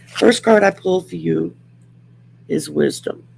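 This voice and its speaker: A woman's voice: on the low side, drawn-out words, gravelly, darkish tone, slight background noise. A woman with a Southern accent hosting a casual livestream, reading oracle cards in a folksy, rambling way with many fillers. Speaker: host doing oracle card readings. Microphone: home setup by a window.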